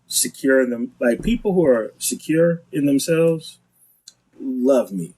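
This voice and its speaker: A man's voice: medium pitch, slightly rough, low-quality recording. A man, a guest comedian, talking casually on a podcast, telling stories with lots of restarts and acted-out quotes. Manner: animated storyteller, quick restarts, acts out quotes.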